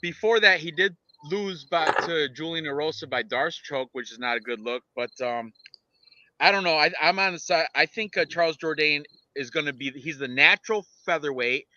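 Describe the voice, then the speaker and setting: A man co-hosting a casual fight-picks show, rambling and excitable with lots of restarts. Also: on the high side, normal speed, lo-fi sound. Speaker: podcast co-host and fight picker.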